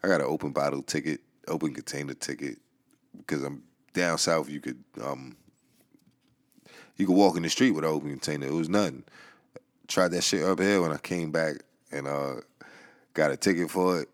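Deep-voiced New York man. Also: normal speed, long pauses. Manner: loose, profane storytelling with laughs and slang. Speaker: podcast host. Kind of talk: casual monologue. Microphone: headphones and home mic.

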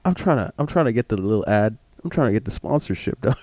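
A young man hosting a casual podcast, joking and laughing as he rambles through a meat-box pitch. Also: lively intonation, fast talker, a little mellow, no room sound. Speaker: podcast host. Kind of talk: casual chat.

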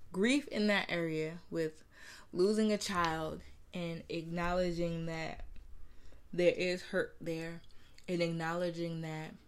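A woman in her thirties from New Jersey, talking candidly about her feelings and repeating phrases for emphasis. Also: fairly low pitch. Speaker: mother sharing her story. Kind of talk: personal reflective talk.

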